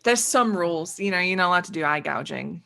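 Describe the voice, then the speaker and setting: A woman voicing a gruff male former pit fighter in a tabletop game, blunt and offhand. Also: fairly low pitch, animated, fast talker, sharp tone, exaggerated voice.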